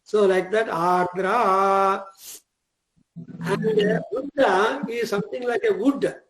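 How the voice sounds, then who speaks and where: An older man giving a classroom lecture on Vedic verses, explaining in short, measured phrases and now and then chanting Sanskrit lines. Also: high voice, expressive, fairly bright tone. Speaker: Vedic teacher. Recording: echoey classroom recording.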